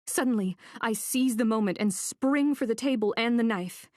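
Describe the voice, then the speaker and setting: A woman reading a first-person thriller audiobook in a tense, measured way. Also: on the high side, a little mellow, no room sound, clean studio sound. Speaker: audiobook narrator.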